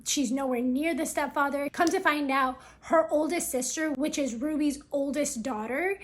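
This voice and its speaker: A woman with a somewhat high voice narrates a family story in a relaxed storytime manner. She talks like she's chatting with a friend, sprinkling in casual fillers. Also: moderate pace, few pauses.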